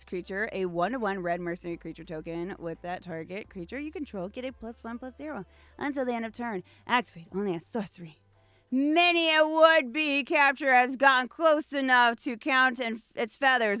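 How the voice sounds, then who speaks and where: A woman's voice: medium pitch, a bit bright, clean tone, no echo. A woman hosting a casual unboxing video, reading card text aloud between gushing asides. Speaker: VTuber host.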